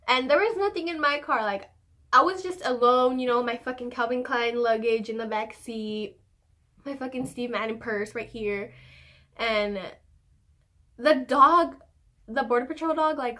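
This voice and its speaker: Young woman, vlogger, storytime chat, animated, swears a lot, slightly high voice. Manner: animated, swears often, laughs while telling. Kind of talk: casual storytime vlog.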